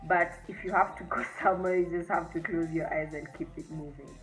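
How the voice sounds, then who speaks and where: A young woman with a Kenyan accent, telling a personal story in a candid, reflective way with halting restarts, growing emotional at times. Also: fairly low pitch, fairly even intonation, faint music behind, rough recording. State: emotional, near tears at times. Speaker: vlogger.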